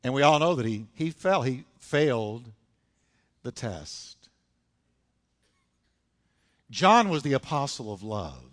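A man's voice: medium pitch, sing-song, slow, pauses often. A man preaching a sermon in a church, dramatic and emphatic, retelling scripture stories. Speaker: pastor. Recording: long church hall reverb.

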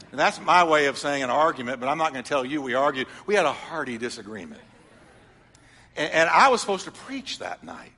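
A middle-aged man preaches in a church, sliding between loud, emphatic declarations and quiet, confiding asides. His voice sits a little high and sounds bright and forceful. A long reverb trails each phrase through the large hall. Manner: storytelling preacher, swings from loud emphatic lines to soft confiding ones. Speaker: pastor. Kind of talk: sermon.

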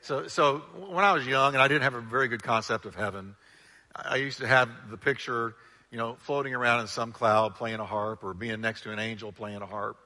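Man preaching in a church, bright voice, lots of reverb from the hall. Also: mid-range voice, a little fast. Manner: animated preaching with call-and-response. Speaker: pastor. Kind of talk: sermon.

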